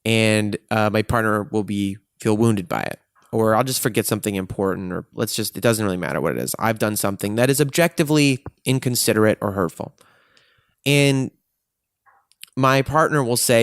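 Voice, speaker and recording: A man's voice: medium pitch, animated, moderate pace, no room sound, studio quality. A man speaking in a frank, profane and emotionally intense way, reflecting on himself in a personal monologue. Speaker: vlogger.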